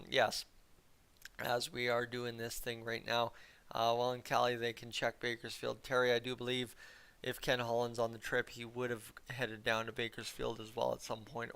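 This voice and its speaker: A man's voice: mid-range voice, clear, resonant tone. A young Canadian man from Alberta with a nasal voice, doing chatty live play-by-play of a hockey game and talking with his stream chat. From Cold Lake, Alberta, Canada. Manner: rambling, chatty, gets loud on shots.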